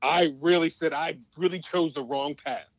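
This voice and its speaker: A chatty man with a fairly high voice co-hosting a sports talk show. His mic sounds dull and very dry. He jumps in eagerly with quick agreement. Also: no room sound.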